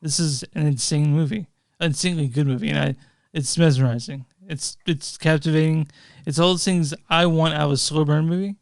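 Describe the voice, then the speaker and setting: A man's voice: a little high, fairly even intonation, fairly quick, gravelly, no echo, clean studio sound. A man co-hosting a casual movie podcast, easygoing, reading out review scores and show plugs. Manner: easygoing, reads reviews and plugs, laughs often. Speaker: podcast co-host.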